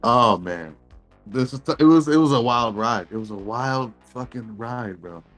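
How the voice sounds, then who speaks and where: A man's voice: mid-range voice, animated, moderate pace, fairly bright tone, soft background music. A man co-hosting a podcast, chatting about a horror film in slangy casual speech, laughing and mimicking characters. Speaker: podcast co-host. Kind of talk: casual film review chat.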